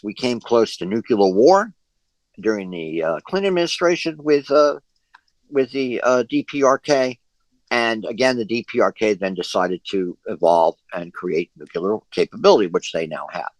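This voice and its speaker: A man's voice: fairly low pitch, animated, measured pace, no room sound, poor audio. A man leading an online discussion group over a video call, talking at length with many fillers and restarts.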